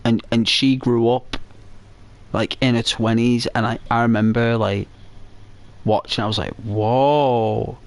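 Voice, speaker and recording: A man talks slowly and casually over his gameplay, his voice at an ordinary mid pitch. He rambles, trails off and restarts his sentences, with plenty of fillers. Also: little pitch movement. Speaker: gaming channel host. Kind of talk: casual chat while playing a game.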